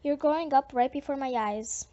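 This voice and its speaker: A woman voicing a protective middle-aged father who speaks calmly and steadily. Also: high-pitched, moderate pace, close to an everyday voice. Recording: dull lo-fi audiobook recording.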